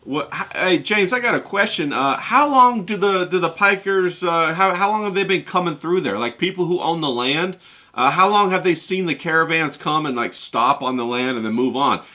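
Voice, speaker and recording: An American man hosting a casual chat, listening in a relaxed way and saying "bro". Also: on the high side, normal speed.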